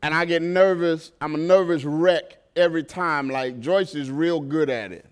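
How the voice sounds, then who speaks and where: A man's voice: fairly high pitch, moderate pace, clean tone. A man preaching a sermon as pastor, speaking of his own life as a parent and putting rhetorical questions to the congregation. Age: adult parent.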